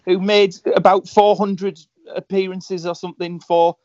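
A man's voice: sits high, little pitch movement, measured pace, darkish tone, no room sound. Chatty man on a dull dry line. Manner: chatty, joking, frequent restarts and fillers. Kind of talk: casual chat. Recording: dull, slightly lo-fi dry sound.

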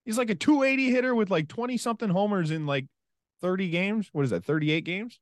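A man co-hosting a sports podcast, talking in a casual, animated way with quick asides and frequent laughter. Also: high voice, no room sound. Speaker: podcast co-host.

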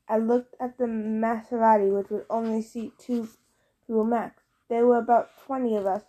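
A woman narrating a fantasy novel as an audiobook reader, in a steady storytelling read. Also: a little high, moderate pace.

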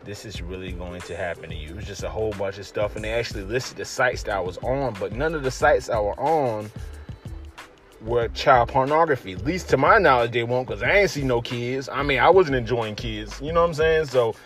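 Man, casual storyteller, slangy, lively delivery, faint music in the background. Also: medium pitch, fairly quick. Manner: animated, slangy, acts out friends' voices.

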